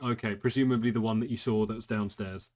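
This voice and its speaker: A man's voice: lowish voice, fairly even intonation, fast, a little mellow. A man narrating as game master for a tabletop role-playing game, joking along with his players.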